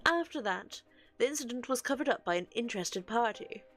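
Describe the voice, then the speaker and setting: A woman reading game dialogue aloud for an earnest, scholarly male occult researcher, with a measured, explanatory delivery. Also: on the high side, expressive, a bit bright, soft background music, voice pushed up.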